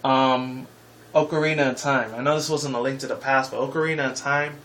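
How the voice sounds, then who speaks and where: A man's voice: mid-range voice, steady tone, brisk, a bit bright, a little hiss or hum, low-quality recording. A man in his twenties hosting a casual game-review video, rambling and heated, with frequent swearing. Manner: casual sign-off slang. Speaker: gaming video host.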